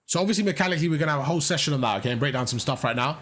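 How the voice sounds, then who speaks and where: A man's voice: a little high, rapid-fire, fairly bright tone. A man coaching a player through gameplay, encouraging and explaining things step by step, often repeating himself. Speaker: gaming coach. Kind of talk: live coaching over gameplay.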